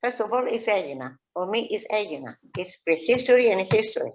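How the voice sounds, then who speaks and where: A Greek woman with a Greek accent, an archaeologist chatting in an interview, halting with many fillers and restarts. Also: medium pitch, sing-song, a little hiss or hum, rough recording. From Greece. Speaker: archaeologist guest. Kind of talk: casual interview chat.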